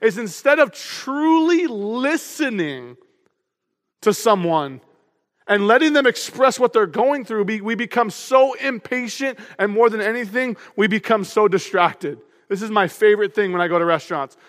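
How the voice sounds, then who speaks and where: A man preaching a sermon as pastor, energetic and humorous in a conversational way. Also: sits high, moderate pace. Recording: long hall reverb.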